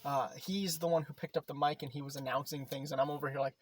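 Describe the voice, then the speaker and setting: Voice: medium pitch, fairly even intonation, fast talker, husky. A teenager with a middle-range voice, chatting casually on a podcast. The talk rambles from one school story to the next, loose and profane, with laughter breaking in often. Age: late teens. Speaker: podcast co-host. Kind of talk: casual chat.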